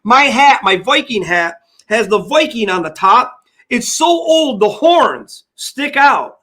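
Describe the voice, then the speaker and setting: A man's voice: very high-pitched, big pitch swings, slow, pushed and bright. An older man co-hosting a sports podcast, rambling and repeating himself as he banters and tells stories. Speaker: podcast co-host.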